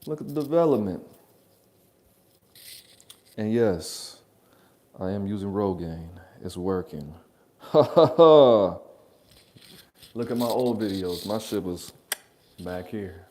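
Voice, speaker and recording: A man's voice: sits low, lively intonation, a little slow, pauses often, mellow. A man hosting a reaction channel, rambling through blunt, profane, joking advice in a casual monologue from his apartment.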